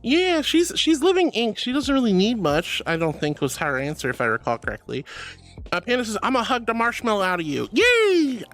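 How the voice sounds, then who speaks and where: A woman's voice: on the low side, big pitch swings, fast talker, fairly bright tone, faint music behind. A woman streamer in casual live-stream chat, giggly and bubbly as she reads chat messages aloud.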